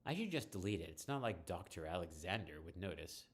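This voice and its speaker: A man's voice: deep voice, brisk, breathy edge, heavily acted. A man voicing a bitter young woman who is dismissive of her mother, reading from a text game. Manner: flat, dismissive.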